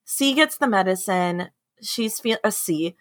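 A woman co-hosting a podcast, chatting casually about a movie, animated and laughing often. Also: mid-range voice, takes it slowly, no room sound, clean studio sound. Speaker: podcast co-host. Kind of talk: casual chat recapping a movie.

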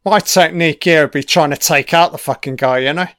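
A man's voice: on the high side, fairly quick, fairly bright tone, dry recording, studio quality. A man giving a casual, profane commentary on a film, swearing constantly and cheering at the screen.

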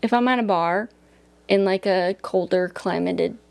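A woman's voice: mid-range voice, measured pace, gravelly, a little mellow. A young woman from Colorado, co-hosting a podcast in casual chat, blunt and profane, telling stories with mimicked voices. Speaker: podcast co-host.

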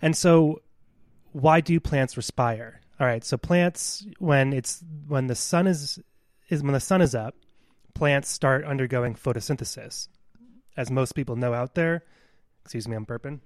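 A man's voice: mid-range voice, measured pace, dry recording, studio quality. A man co-hosting a podcast, explaining science in an earnest, lecturing way. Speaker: podcast co-host.

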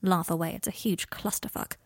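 A worn-out young man murmurs his lines in a hushed, half-whispered voice, as a woman reads him. The sound is close and dry. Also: steady tone, a little fast, dry recording. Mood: subdued. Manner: quiet, half-whispered, low. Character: weary, guilty young man, quiet.

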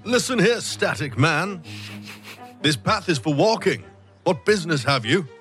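A man voicing a cocky, pompous young knight who declaims loudly and boastfully. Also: mid-range voice, measured pace, soft background music, lightly acted. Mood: blustering.

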